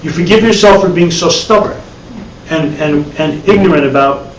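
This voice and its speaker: A male meditation teacher with a slightly high voice speaks at a moderate pace in a live dharma class. His talk is conversational and sprinkled with repeated words and wry asides. The sound is echoey and distant, with a faint hiss.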